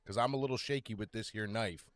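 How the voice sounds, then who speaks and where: A man's voice: fairly low pitch, fast talker, fairly bright tone. A man playing a tabletop game, speaking in character with crude, menacing threats. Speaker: player.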